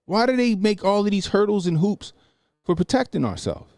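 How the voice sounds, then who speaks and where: Male stream host, animated and profane, fairly high voice, dry studio sound. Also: moderate pace, no echo. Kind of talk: live-stream commentary.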